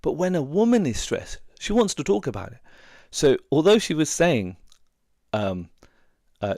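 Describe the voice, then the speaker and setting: A man's voice: medium pitch, very animated, normal speed, creaky, a little mellow, no echo, studio quality. A middle-aged man, a relationship coach giving earnest, conversational advice and sharing personal stories. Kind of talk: casual advice talk.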